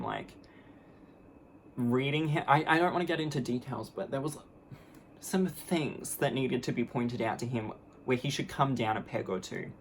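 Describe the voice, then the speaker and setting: A woman's voice: extremely low pitch, slight background noise. A woman vlogger ranting to camera in a casual monologue, blunt and profane, with sarcastic, mockingly sweet asides.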